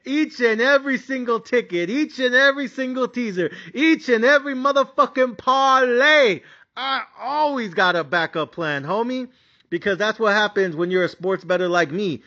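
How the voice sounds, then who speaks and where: A man's voice: very high voice, normal speed, pushed and bright, dull audio. A man hosting a sports betting podcast, ranting casually with a boisterous, foul-mouthed, hyped-up manner. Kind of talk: casual profane podcast rant.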